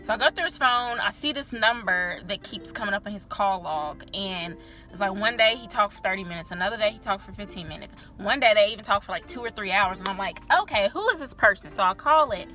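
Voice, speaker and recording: A woman's voice: medium pitch, fairly quick, pushed and bright, faint music behind. A young woman vlogger telling a candid personal story in a chatty, filler-heavy way, swearing freely.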